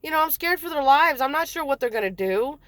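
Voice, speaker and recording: A woman's voice: high-pitched, lively intonation, brisk, a bit bright, no echo. Furious, foul-mouthed woman telling her story. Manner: blunt, profane, heated, quotes others. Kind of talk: angry personal storytelling.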